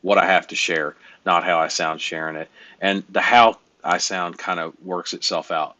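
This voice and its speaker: Deep-voiced man coaching bluntly. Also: steady tone, normal speed, bright, forceful tone, no echo. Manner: blunt, rambling, emphatic. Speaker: sales coach. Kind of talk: coaching call.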